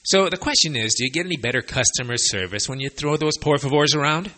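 Man, husky, bright forceful tone, animated pitch, chatty language lesson, wry sarcastic asides. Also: quick pace. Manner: lively, chatty explaining. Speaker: Spanish teacher for expats.

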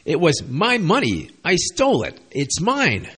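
A man's voice: on the high side, huge pitch swings, measured pace, a bit bright, breathy edge, voice pushed up, exaggerated voice. A man reading out the lines of an indignant male street thief who complains that his stolen goods were stolen. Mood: aggrieved. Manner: aggrieved, self-righteous.

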